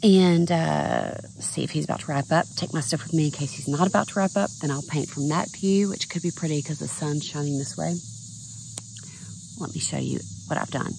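At normal speed, a middle-aged artist vlogger talks loosely about her painting, thinking out loud in a casual chat. Her low voice is scratchy, tired and heavily gravelly with fry, and she's outdoors at a lakeside campground with faint background noise.

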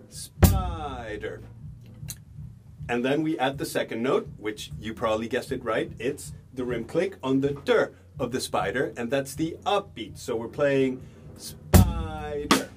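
A young man teaching a beginner drum lesson, relaxed, chanting rhythm words slowly as he claps and plays. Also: medium pitch. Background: drums and backing music.

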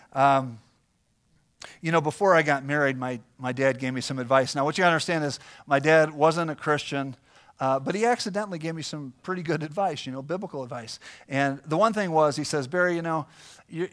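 A man's voice: on the high side, a bit bright. A middle-aged male pastor preaching a sermon in a folksy, conversational storytelling way.

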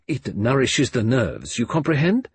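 A fussy, exclamatory old Belgian detective, as a man voices him in an audiobook, pitched well above the narrator's own voice and louder. He sounds husky and is recorded dry and close. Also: big pitch swings, measured pace, full character voice. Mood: coaxing. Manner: fussing, exclamatory, foreign turns of phrase. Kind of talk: audiobook character voice.

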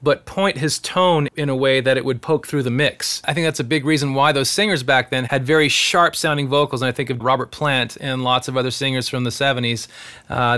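A man's voice: medium pitch, pushed and bright. A man teaching singing in a casual tutorial, explaining technique in an earnest, encouraging way. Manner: breaks into sung demonstrations between explanations. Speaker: singer teaching vocal technique.

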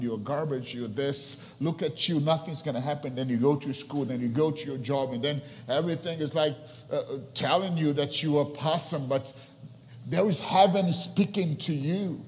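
A young man preaching a sermon as a pastor. He drops to soft, near-whispered lines, then builds to loud, soaring passages. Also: on the high side, moderate pace, few pauses. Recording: long reverb of a large hall with faint ambience.

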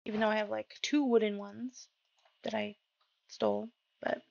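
A woman's voice: on the high side, fairly quick, vocal fry. A woman streaming a video game, talking to herself in casual commentary and startling easily. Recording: dull lo-fi mic with faint music.

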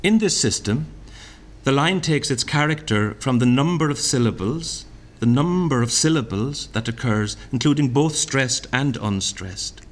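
A man reading a lecture aloud at a literary festival. He speaks deliberately, sounding out vowels and repeating lines he recites. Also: mid-range voice, lively intonation. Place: hotel function room.

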